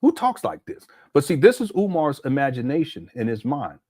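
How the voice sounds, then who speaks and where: A man's voice: on the high side, very animated, moderate pace, darkish tone, dry recording, clean studio sound. A middle-aged man from Southern California commenting on a video clip in a casual, incredulous, mocking way. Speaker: commentary channel host.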